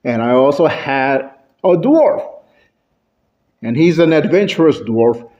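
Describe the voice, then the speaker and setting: Slow, expressive man giving a speech. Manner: expressive, swings pitch and loudness for effect. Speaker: club speaker. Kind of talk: prepared public speech. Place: club meeting room, indoors. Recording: dull lo-fi recording.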